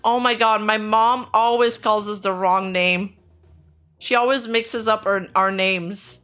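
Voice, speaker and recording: A woman's voice: medium pitch, fairly even intonation, measured pace, a bit bright, smooth, soft background music. A young woman streaming live, chatting casually with her viewers in a blunt, teasing way and laughing often. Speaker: streamer reacting to viewer clips.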